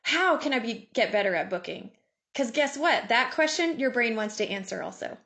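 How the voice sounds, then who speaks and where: Lively woman on a video call. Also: a little high, normal speed. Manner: lively, laughs often, acts out inner voices. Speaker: guest speaker. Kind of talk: motivational talk.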